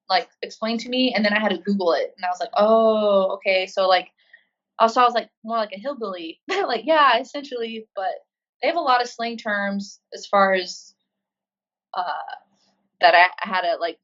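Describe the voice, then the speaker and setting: A woman's voice: mid-range voice, a bit bright. Chatty woman on a dull remote line. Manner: chatty, lots of ums and likes. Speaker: guest, Marine and CrossFit coach. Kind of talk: casual interview answers. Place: living in Australia.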